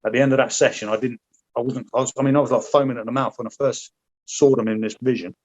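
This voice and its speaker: A man talking in a frank, rambling way, swearing freely as he tells his story. His voice sits at an everyday middle pitch. The recording sounds a little muffled and dull. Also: fairly even intonation, fast talker. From Britain. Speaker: podcast guest, former paratrooper. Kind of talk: casual interview chat.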